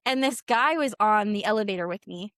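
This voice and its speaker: A woman's voice: medium pitch, lively intonation, brisk, a bit bright. A young woman from Canada co-hosting a casual chat podcast, telling stories animatedly and acting out the quotes with laughter. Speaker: podcast co-host.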